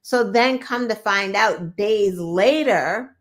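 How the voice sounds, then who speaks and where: Sarcastic woman host, slow and pointed. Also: medium pitch. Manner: opinionated, sarcastic, mimics people she talks about. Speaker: podcast host. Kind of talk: casual political commentary.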